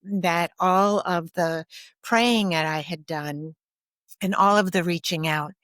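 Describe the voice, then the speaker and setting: A woman with a fairly low voice speaks softly as a podcast guest, thoughtful and unhurried, often pausing with an um. The sound is dry and close, with no room around it. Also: no room sound. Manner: soft-spoken, thoughtful, with frequent pauses and ums. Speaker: guest, grief and ancestral healer. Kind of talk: reflective podcast conversation.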